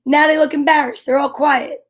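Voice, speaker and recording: A woman's voice: sits high, steady tone, normal speed. A woman reading a children's picture book aloud in a playful way, with animal noises. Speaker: children's storyteller.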